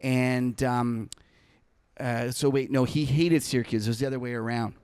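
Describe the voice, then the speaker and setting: A man's voice: mid-range voice, steady tone, moderate pace, darkish tone, smooth, dry recording, studio quality. A man telling a long trading anecdote in a casual podcast chat, with many fillers and restarts, acting out other people's lines and laughing as he goes. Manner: rambling anecdote full of fillers and self-corrections; laughs while telling the story. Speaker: trader and podcast co-host. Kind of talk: casual storytelling.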